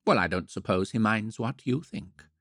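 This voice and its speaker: A man voicing a gentle, affectionate young woman in a read storybook. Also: on the low side, lively intonation, moderate pace, dry recording, studio quality. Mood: tender.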